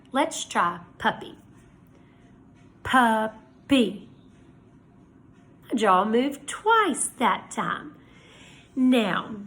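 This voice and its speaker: A woman teacher giving a lesson to young children, speaking slowly and clearly in an encouraging way. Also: a little high, fairly bright tone, a little hiss or hum.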